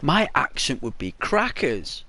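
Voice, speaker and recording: An English man hosting a gaming channel, rambling softly in casual, semi-ASMR gameplay commentary. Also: mid-range voice, big pitch swings, unhurried, creaky. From England. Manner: soft-toned, rambling and chatty.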